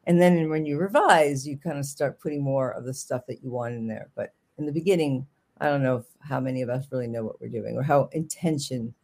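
Talking a little fast in a medium-pitched, darkish voice, the New York author rambles through a casual interview as a guest. Sentences get restarted often, and jokes slip in along the way.

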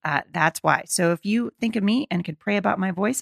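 Hoarse, gravelly woman podcast host. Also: mid-range voice, brisk, no echo, clean studio sound. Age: middle-aged. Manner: earnest, encouraging, conversational. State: slightly hoarse, losing her voice. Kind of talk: faith-based podcast talk.

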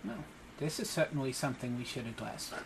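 A man narrating as game master of a tabletop role-play, pausing often with ums and uhs. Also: medium pitch, vocal fry, crowd noise. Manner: halting, many ums and uhs.

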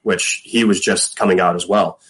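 A man's voice: low-pitched, steady tone, moderate pace, fairly bright tone, breathy edge, rough recording. A middle-aged man, a former pro football punter, telling stories in a casual interview, rambling with lots of fillers and acting out quotes.

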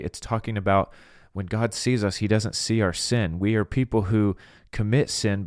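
Deep-voiced earnest male preacher. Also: a little mellow, no echo, studio quality. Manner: earnest, emphatic, with frequent restarts and quoted inner voices. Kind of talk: podcast sermon.

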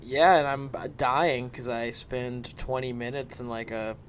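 A man's voice: medium pitch, steady tone, measured pace, slight background noise. A man co-hosting a podcast, making crude jokes in casual chat. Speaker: podcast co-host.

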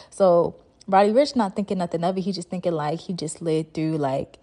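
A woman's voice: fairly low pitch, normal speed, mellow. A young woman hosting a podcast, retelling a show in a chatty, slangy way full of fillers. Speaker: podcast host. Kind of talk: casual storytelling monologue.

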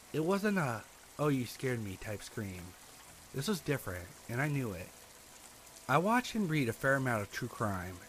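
Man, horror story narration, lively rising and falling pitch, faint rain behind. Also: slight background noise. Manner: dramatic, expressive storytelling.

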